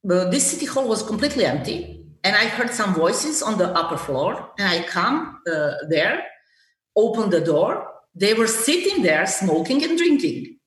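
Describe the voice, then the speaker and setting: Older woman telling a story, halting. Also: mid-range voice, far from the mic. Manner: halting, many fillers, lively when recounting anger. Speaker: interviewee, former government negotiator. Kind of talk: storytelling in an interview. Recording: roomy echo.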